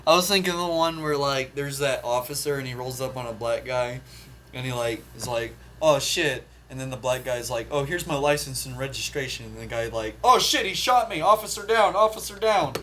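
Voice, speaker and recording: A man's voice: medium pitch, steady tone, fairly quick, a bit bright, a little hiss or hum. A man co-hosting a podcast in casual chat, making crude jokes and laughing at his own bits. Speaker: podcast co-host.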